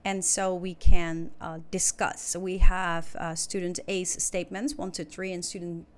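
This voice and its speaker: A woman teaching an English lesson, explaining clearly and patiently, step by step. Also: fairly low pitch, little pitch movement, unhurried, slight background noise. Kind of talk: recorded online lesson.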